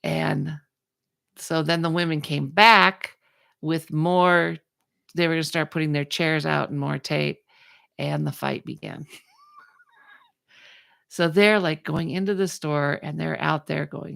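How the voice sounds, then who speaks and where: A woman's voice: deep voice, unhurried, vocal fry, pauses often, no room sound, studio quality. A woman hosting a podcast, telling a story in casual chat and acting out the people in it. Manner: animated, acts out the people in her story. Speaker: podcast host.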